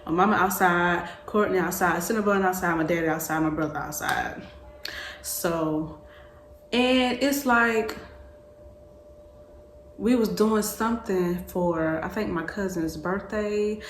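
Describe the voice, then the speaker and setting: Slangy woman in her twenties, low voice. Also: unhurried, a little hiss or hum. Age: 20s. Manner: animated, slangy, repeating phrases. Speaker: vlogger. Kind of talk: casual storytelling. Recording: echoey room with faint ambience.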